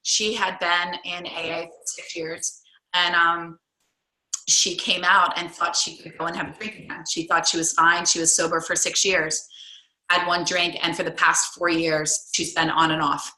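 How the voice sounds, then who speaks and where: Rambling woman coach, lowish bright voice, echoey room. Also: level tone, normal speed. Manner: rambling, many restarts and fillers. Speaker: coach leading a group call. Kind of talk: casual storytelling to a group.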